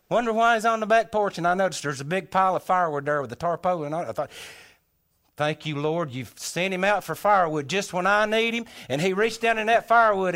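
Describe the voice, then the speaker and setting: A man telling a humorous tall tale in a folksy, animated way, acting out his own thoughts aloud. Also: high-pitched. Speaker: storyteller.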